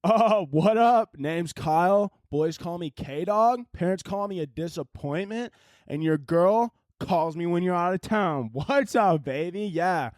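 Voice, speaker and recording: A man's voice: sits high, expressive, measured pace, a little mellow, dry recording, clean studio sound, pitched above the performer's own voice. A man doing a swaggering frat-boy cop. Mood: cocky. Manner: swaggering, bro slang, smug. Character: cocky young male frat-boy police officer. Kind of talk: comedic skit.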